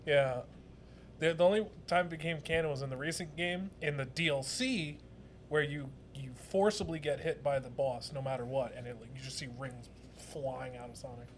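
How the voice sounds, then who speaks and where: A man's voice: fairly high pitch, normal speed, a little hiss or hum. A young man co-hosting a casual podcast, explaining things at length with frequent fillers and restarts. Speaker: podcast co-host. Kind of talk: casual chat.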